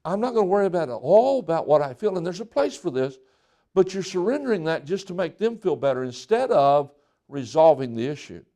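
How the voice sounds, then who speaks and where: Pastor guy preaching, pretty high voice, chatty and relaxed, acts out little back-and-forths. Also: fairly quick. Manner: conversational preaching with acted-out quotes. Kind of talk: sermon.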